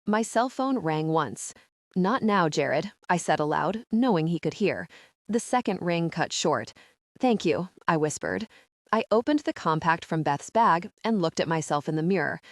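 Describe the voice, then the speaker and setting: A woman narrating a first-person audiobook with an expressive, measured reading. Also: on the low side, no room sound, studio quality.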